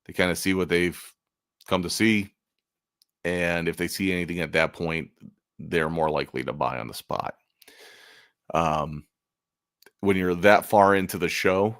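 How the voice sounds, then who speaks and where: A man's voice: low-pitched, normal speed, long pauses, a bit bright, dry recording, studio quality. A man in casual chat about selling art at conventions, rambling and making self-deprecating jokes. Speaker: convention artist and channel host.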